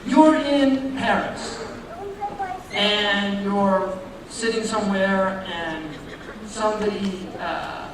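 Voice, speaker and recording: A man's voice: high voice, slow pace. An American man giving a humorous, anecdote-filled public lecture on religion, asking his audience rhetorical questions. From United States. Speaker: Islamic lecturer. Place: large lecture hall. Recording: echoey hall, distant mic, audience noise. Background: audience sounds.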